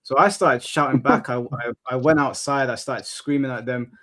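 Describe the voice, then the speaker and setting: A man hosts a live stream in casual chat, reading donations and telling a rambling story. He restarts words and swears freely. His voice sits at an ordinary middle pitch. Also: fairly even intonation, moderate pace, fairly bright tone. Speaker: streamer host.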